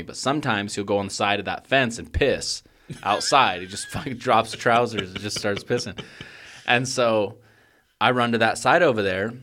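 A young man with a lowish voice co-hosts a podcast, casually telling a story while swearing freely. He grows loud and worked up as he relives a moment of panic.

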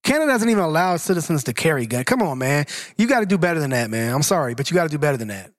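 A man's voice: fairly high pitch, very animated, rapid-fire, dry recording, clean studio sound. A man arguing bluntly and emphatically in a casual debate, swearing freely as he presses his point.

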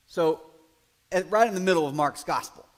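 A man preaching a sermon in a conversational way, building to loud, emphatic passages and acting out quoted voices. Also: a little high, moderate pace. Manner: acts out quoted voices in asides. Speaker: pastor.

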